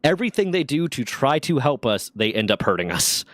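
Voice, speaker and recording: A man co-hosting a gaming stream, telling candid, profane stories in casual chat with lively swings in his delivery. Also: mid-range voice, brisk. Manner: candid, profane, animated storyteller.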